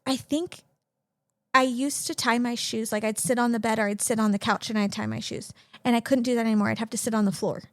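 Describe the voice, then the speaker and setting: A woman's voice: a little high, fairly even intonation, a little fast, no echo. A young woman co-hosting a casual parenting podcast, talking in a chatty way with lots of "like" fillers. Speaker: podcast co-host. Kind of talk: casual chat.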